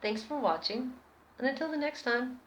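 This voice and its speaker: Animated American woman telling a story. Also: high voice, moderate pace, slight background noise. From United States. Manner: animated, expressive, chatty. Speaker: vlogger. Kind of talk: casual storytelling. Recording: roomy echo.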